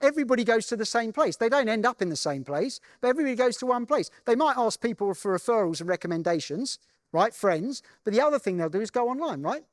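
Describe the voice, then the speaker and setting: Higher-voiced man telling a story on stage. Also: big pitch swings, quick pace, dry recording, studio quality. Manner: conversational, keeps checking in with "right?". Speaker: keynote speaker. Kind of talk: conference keynote storytelling. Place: conference main stage.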